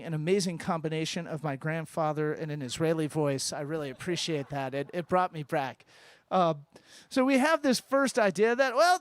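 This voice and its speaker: A man teaching a congregation in a synagogue, lively and informal, with joking asides and questions to the room. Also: fairly high pitch, no echo. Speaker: rabbi teaching at a Shabbat service. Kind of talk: interactive sermon with congregation. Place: synagogue sanctuary.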